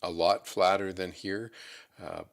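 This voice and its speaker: A man hosting a market show, giving relaxed, unscripted commentary on stock charts as he thinks aloud. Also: low voice, unhurried, clear, resonant tone. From Canada. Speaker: market analyst host.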